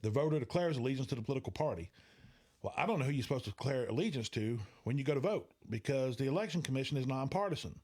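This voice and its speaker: A man explains election law to viewers. He talks emphatically, slows down to stress key words and restarts his sentences often. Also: mid-range voice, lively intonation, a little mellow.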